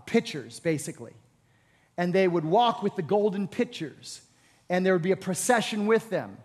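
A man delivers an animated sermon in a fairly high voice. He questions the congregation and swells to loud, emphatic moments. The sound carries a long reverb, as in a large church sanctuary. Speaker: pastor.

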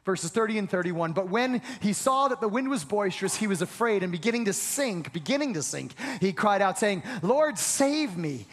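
High-voiced emphatic male preacher, echoing hall. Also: lively intonation, fairly quick, few pauses. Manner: emphatic, repeats phrases, asks the congregation questions, occasional shouts. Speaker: pastor. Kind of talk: sermon.

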